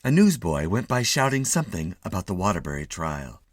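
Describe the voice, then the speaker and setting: Animated low-voiced male story reader. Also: a little fast, no echo, studio quality. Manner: expressive, animated reading. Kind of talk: scripted story narration.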